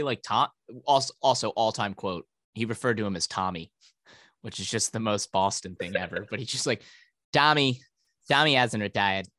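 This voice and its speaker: Man ranting with a bright, forceful voice. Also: mid-range voice, no room sound. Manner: profane, heated ranting. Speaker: podcast co-host. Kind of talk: casual sports podcast rant.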